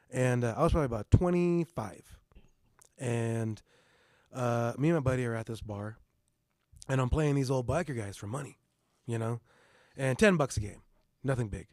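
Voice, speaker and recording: A middle-aged man casually telling a story on a podcast, animated and swearing, often asking "you know what I mean". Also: medium pitch, no echo, clean studio sound. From Mexican heritage. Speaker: podcast host.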